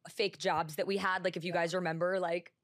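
A young woman co-hosting a podcast, supportive and quick to laugh in casual chat. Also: lowish voice, flat delivery, no room sound, clean studio sound. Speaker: podcast co-host.

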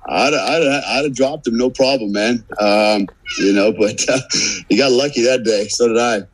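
A man's voice: mid-range voice, moderate pace, a little hiss or hum, rough recording. An American man telling a long, profane story in a casual podcast chat, acting out the quotes. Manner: profane, animated anecdote teller acting out quotes. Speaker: guest.

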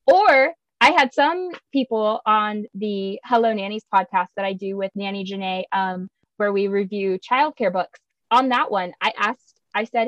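A woman's voice: medium pitch, normal speed, hardly any pauses, no echo, lo-fi sound. A young woman talking casually on a podcast, chatty and laughing often, acting out her own voice when quoting herself. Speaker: podcast guest.

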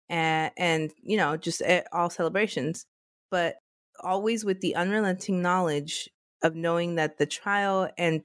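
A woman's voice: on the low side, no room sound, studio quality. A woman co-hosting a podcast, chatting casually, laughing often, and recapping a court case. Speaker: podcast co-host.

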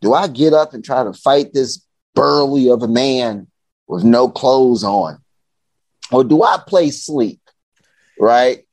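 A man's voice: medium pitch, slow, no room sound. A young adult man from Chicago, a podcast guest telling a comic story and acting out the voices of the people in it. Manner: animated, acts out voices of people in his story. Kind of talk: comedic storytelling.

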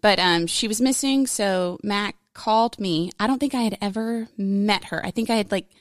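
A woman's voice: medium pitch, normal speed, no echo, clean studio sound. A woman in a conversational interview, telling a personal story in a frank, candid, rambling way, full of fillers and emotion. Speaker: podcast guest.

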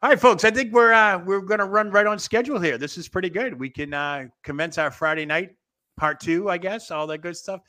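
A man with a bright, forceful voice hosts a loose wrestling talk show. He rambles, laughs easily and trails off with fillers while he thinks aloud. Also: high-pitched, fairly quick. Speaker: podcast host. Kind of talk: casual wrestling chat.

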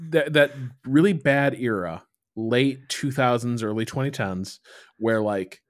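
A man's voice: mid-range voice, measured pace, no room sound, studio quality. Laid-back man reading listener mail. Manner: loose, laid-back, swears casually. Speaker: podcast co-host. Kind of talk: casual chat.

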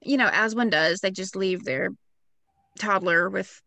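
Bright-voiced woman with wry asides. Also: medium pitch, measured pace, gravelly, no echo. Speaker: podcast co-host. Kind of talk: casual chat.

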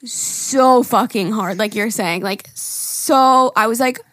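A woman's voice: on the high side, slow, a bit bright, no room sound. A woman co-hosting a casual chat podcast, talkative, swearing and laughing often. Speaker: podcast co-host.

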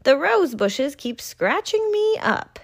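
A woman voicing a young storybook child who is imaginative and easily worried, reading in a lively voice. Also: high voice, slow pace, pitched above the performer's own voice, full character voice. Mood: complaining.

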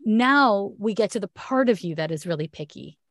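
A woman's voice: mid-range voice, lively intonation, normal speed, no room sound, studio quality. A woman with a Canadian accent giving a frank, chatty astrology reading in a casual one-on-one talk. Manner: chatty, frank, laughs often.

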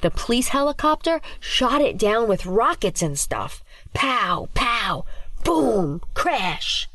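A woman voicing a defiant, boastful schoolgirl in a storybook who talks in an excited, whiny, argumentative way. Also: on the high side, normal speed, no room sound, pitched above the performer's own voice.

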